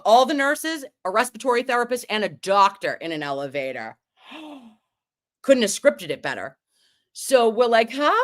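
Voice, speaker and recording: A woman hosting a casual livestream recap, telling a story in an animated way and swearing often. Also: fairly low pitch. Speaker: livestream host.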